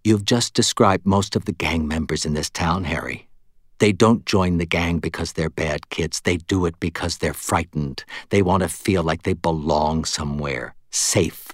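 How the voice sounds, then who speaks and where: A man's voice: low-pitched, a little slow, no room sound. Guy putting on a tough lady ex-cop, clipped and intense, raised voice, dry close sound. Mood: stern. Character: tough blunt woman ex-cop, hard and determined.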